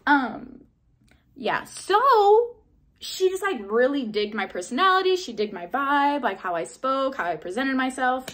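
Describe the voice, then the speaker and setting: A young woman in her twenties telling a casual vlog story, chatty, full of "like" and mild swearing, jumping into excited high bursts when she replays her own reactions. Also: moderate pace. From Southern California. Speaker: vlogger.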